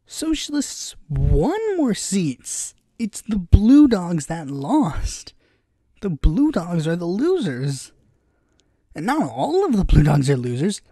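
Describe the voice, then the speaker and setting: Young guy ranting about politics, sarcastic, lots of likes and ums, mellow voice, dead dry mic. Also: high-pitched, slightly rough, no room sound. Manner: animated and sarcastic, full of fillers. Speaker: political podcast host. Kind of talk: casual political commentary.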